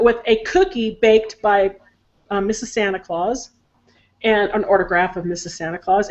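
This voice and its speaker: A woman's voice: medium pitch, lo-fi sound. An older woman telling a heartfelt family story in casual chat on a video call, emotional and talkative. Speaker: psychic show co-host.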